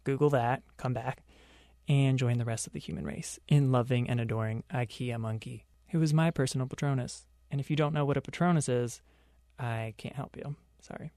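A man's voice: medium pitch, steady tone, fairly quick, warm tone, no echo, clean studio sound. A young man hosting a pop culture podcast on his own, delivering sarcastic commentary full of joking asides. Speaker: podcast host.

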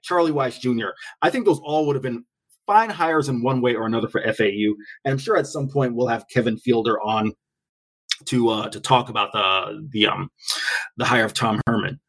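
A man's voice: medium pitch, slightly rough. A man co-hosting a casual sports podcast, loose and jokey, laughing often and tripping over his words. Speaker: podcast co-host.

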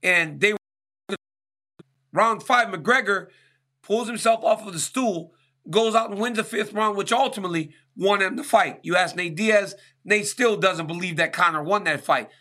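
A man's voice: high-pitched, moderate pace, bright, forceful tone. A man hosting a sports talk show, answering listener questions in an emphatic monologue and often asking "right?". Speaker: show host.

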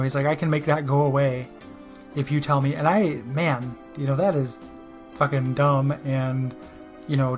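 A man telling a personal story in a rambling, self-deprecating way, full of "you know" and restarts. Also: fairly high pitch. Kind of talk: casual spoken monologue.

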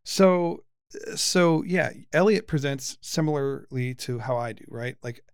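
A man in his forties hosting a casual podcast chat with his son, lively and teasing, often restarting his sentences. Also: mid-range voice, measured pace, clean tone, dry recording, studio quality. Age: 40s. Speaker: podcast host, father.

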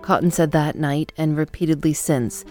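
A woman with a low, mellow voice narrates a documentary in a calm, measured, scripted way. Faint music sits quietly under her words. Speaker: podcast host and narrator.

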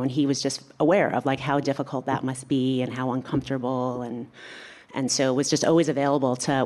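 A woman telling a personal story in a candid, animated way, acting out what other people said. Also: extremely low pitch. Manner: candid, animated, acts out quoted voices.

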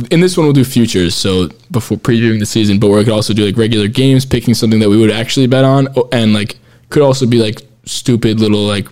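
A man's voice: fairly low pitch, darkish tone. Rambling man hosting a podcast. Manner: rambling, restarts sentences, laughs often. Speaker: podcast host. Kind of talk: casual chat.

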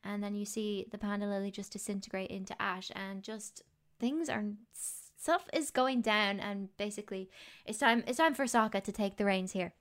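A woman's voice: mid-range voice, normal speed. A woman talking as a podcast guest, retelling a cartoon episode in casual chat and acting out the characters' lines. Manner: animated storyteller who acts out characters' lines.

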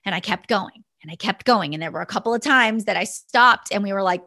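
A woman's voice: mid-range voice, a little fast, few pauses, bright, forceful tone. A young woman, a business mentor, telling a motivational story in an earnest, storytelling way. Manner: earnest storytelling, many restarts. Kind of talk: motivational podcast talk.

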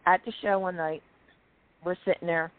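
A woman telling lively stories in casual chat, quoting people and clearing her throat often. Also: fairly low pitch, normal speed. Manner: animated anecdotes, quoting others, frequent throat clearing. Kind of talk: casual storytelling on a call-in chat. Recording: tinny phone line.

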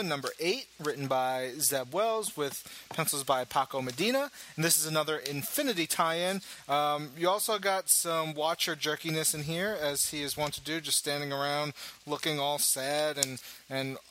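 A man hosting a casual chat about comic books, talkative and quick to laugh. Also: fairly high pitch, pushed and bright, a little hiss or hum, rough recording. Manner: chatty, laughs often. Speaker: podcast host.

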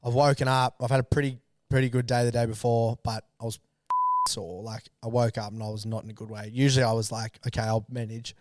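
A young Australian man in his twenties, a guest on a podcast, telling rambling stories with quick laughs and loud shouted bits. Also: medium pitch, wildly swooping pitch, dry recording, studio quality. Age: 20s. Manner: rambling, laughing mid-sentence, acts out his own shouts. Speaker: guest runner. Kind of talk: casual storytelling.

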